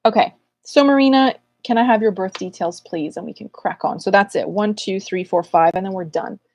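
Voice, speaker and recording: A woman hosts a livestreamed astrology Q&A, breezy and playful as she greets viewers one by one. Her voice sits at an ordinary middle pitch, and the sound is dry and close with no room around it. She is still getting over an illness. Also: brisk, darkish tone, no room sound. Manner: chatty and playful, calling out viewers' names. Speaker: astrologer hosting a live Q&A. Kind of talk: casual livestream chat.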